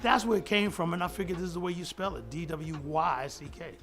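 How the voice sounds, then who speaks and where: A man's voice: on the high side, fairly quick, music in the background. A middle-aged man telling a studio story in an interview clip, acting out quotes in a raised voice and laughing often. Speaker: hip-hop producer telling a studio story.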